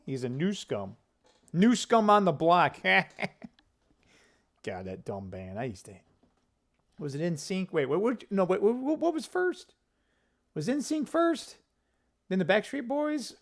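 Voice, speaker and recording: A man hosting a casual political commentary vlog, rambling and opinionated, with quick asides and self-corrections. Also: medium pitch. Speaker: political commentary channel host.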